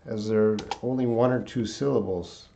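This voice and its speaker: A man's voice: lowish voice, steady tone, moderate pace, vocal fry, mellow, lo-fi sound, a little hiss or hum. Casual hesitant man teaching online. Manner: casual, hesitant, reads viewer comments aloud. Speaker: English teacher. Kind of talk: live-stream English lesson. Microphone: desktop USB mic.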